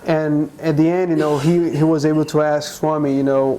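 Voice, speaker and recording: This man from Brazil talks in a mellow, slightly raised voice, earnest and halting, restarting his sentences often. A faint hiss sits behind him. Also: a little high, flat delivery, rough recording. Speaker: guest. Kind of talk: conversational interview.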